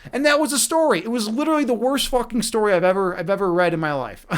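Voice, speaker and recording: A man's voice: sits high, fast talker. A man chatting casually on a live stream as host, rambling and swearing freely, often checking in with "right?". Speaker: streamer, chess instructor and meditation guide.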